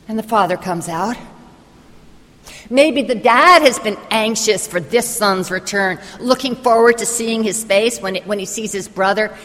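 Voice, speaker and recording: A woman's voice: mid-range voice, fairly bright tone, long reverb tail. A woman preacher giving a sermon as a vivid, imaginative retelling of a story.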